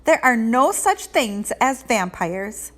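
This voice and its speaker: A no-nonsense schoolgirl who scolds her classmates, played by a woman reading a storybook. Her voice climbs high and pointed when she teases. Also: very animated, takes it slowly, a bit bright, heavily acted. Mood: scolding. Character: bossy sensible schoolgirl. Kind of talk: children's storybook read-aloud.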